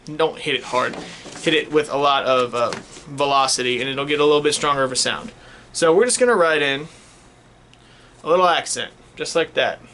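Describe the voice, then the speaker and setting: Brief: male music teacher, bright, slightly high voice, patient classroom explainer, faint hiss behind. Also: normal speed. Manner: patient, checks in with "okay?". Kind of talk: casual classroom instruction.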